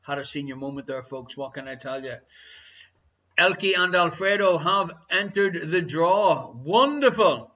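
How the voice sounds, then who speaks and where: A man with an Irish accent hosting a live online quiz, chatty and teasing, reading each question slowly twice. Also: on the high side, animated, pushed and bright. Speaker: quiz host. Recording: dull lo-fi stream audio.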